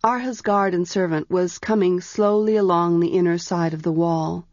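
A woman narrating a storybook aloud in a measured, even way. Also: fairly low pitch, no echo. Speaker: audiobook narrator. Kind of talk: scripted narration. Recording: dull, dry audiobook recording.

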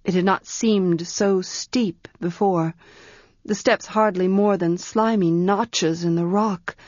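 A woman narrating a story in a measured, quiet storytelling manner. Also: lowish voice, steady tone, no echo, muffled recording. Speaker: audiobook narrator.

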